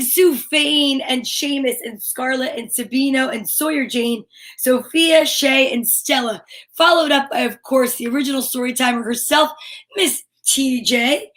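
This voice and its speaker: Cheerful middle-aged woman with a high, bubbly voice, hosting a kids' story time stream on webcam. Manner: bubbly, animated, reads out viewer comments and names. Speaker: children's story time host. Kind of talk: lively live-stream talk to children.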